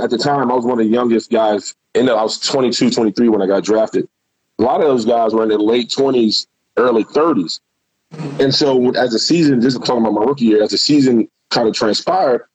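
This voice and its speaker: A former pro football player, a man, tells loose, profane stories from his playing days in a casual interview. His voice is husky. The recording is dull and lo-fi, with a dry sound. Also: medium pitch, a little mellow, no room sound. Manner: candid, profane, loose storytelling.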